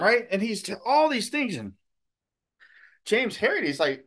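A male pastor giving a sermon and telling a story in a relaxed, conversational way with many fillers. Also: sits high, measured pace, pauses often.

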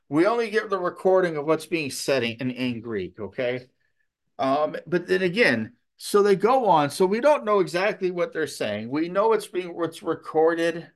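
A man's voice: on the high side, a bit bright. A man preaching a conversational sermon, often checking in with his listeners and restarting his sentences. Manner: conversational, repeats "okay?", many restarts.

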